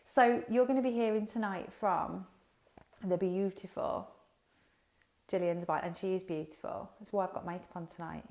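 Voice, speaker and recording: A business coach hosts a casual livestream chat over a headset mic, addressing her viewers directly in a chatty, unfiltered way and swearing freely. Her voice is fairly low, with a steady, darkish tone, normal speed and vocal fry.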